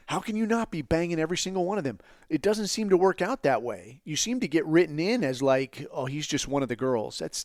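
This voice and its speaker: A man's voice: on the high side, no room sound, studio quality. A man hosting his own podcast in a blunt, profane, rambling solo rant, now and then mocking others in put-on quoted voices. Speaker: podcast host.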